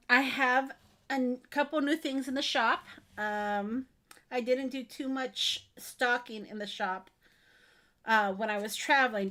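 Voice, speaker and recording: A woman's voice: medium pitch, fairly bright tone. A woman chats with her viewers during a live craft stream. She talks in a friendly, rambling way, full of ums and little asides, from her craft desk at home. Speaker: craft livestream host. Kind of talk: casual live-stream chat.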